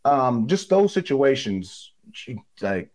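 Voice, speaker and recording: A man's voice: mid-range voice, sing-song, slow pace, darkish tone. A man who is a former ballplayer, talking in an emphatic, blunt way, swearing freely in casual sports talk.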